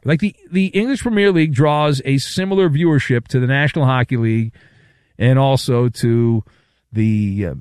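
Wisecracking sports radio host, dry. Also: male voice, medium pitch, a little mellow, smooth, no echo. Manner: sarcastic, wisecracking. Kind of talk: sports talk radio monologue.

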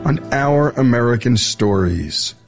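A male host reads a scripted wrap-up in a measured voice at a middle pitch. A music bed plays clearly beneath him. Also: expressive. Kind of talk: scripted show outro narration.

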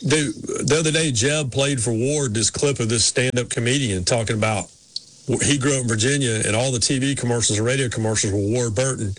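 A man's voice: medium pitch, fairly quick, slight background noise. A male podcast host in casual sports chat, telling rambling stories with many restarts.

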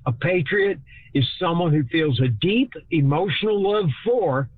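A man's voice: on the high side, expressive, dry recording, phone-quality sound. A man from Texas, giving a folksy, speech-like scripted talk as host. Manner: folksy speech-like delivery, shifts between slow and fast.

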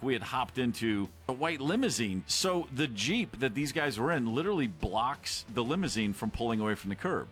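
A man hosting a podcast, telling an animated anecdote and acting out quotes. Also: mid-range voice. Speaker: podcast host, former rock drummer. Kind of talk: storytelling anecdote.

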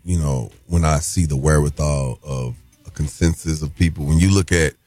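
A man hosting a morning talk radio show, chatting casually in a relaxed, conversational way. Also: extremely low pitch, moderate pace, no echo, soft background music.

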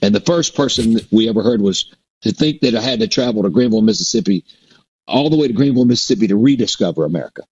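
A middle-aged man with a slightly husky voice tells long stories about his shows, circling back with restarts and fillers. The audio sounds dull and lo-fi, as if through a modest mic. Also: lowish voice, expressive, fast, darkish tone. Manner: rambling, with many restarts and fillers. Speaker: performer and guest. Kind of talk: casual interview storytelling. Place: performs a resident show in a Mississippi theater.

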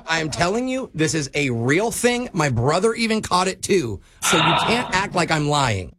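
A man's voice: a little high, very animated, moderate pace, a bit bright. A man making a prank phone call, slipping in and out of a put-on French accent. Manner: slips in and out of a fake French accent. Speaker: prank caller.

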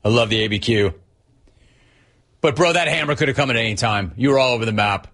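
A male talk radio host with a husky edge to his voice, talking at an ordinary pitch for a man. He riffs on his callers with energy and playful exasperation. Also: brisk. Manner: energetic, riffing, mock-exasperated.

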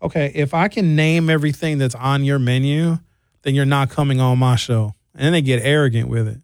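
A man's voice: medium pitch, fairly even intonation, fairly quick, clean tone, dry recording, studio quality. A man hosting a radio talk show, ranting comically with put-on mocking voices. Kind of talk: casual radio monologue.

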